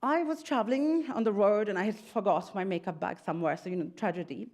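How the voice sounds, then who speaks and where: A woman speaking at a conference, presenting in a lively, chatty way and joking with the audience. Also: on the high side. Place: conference room.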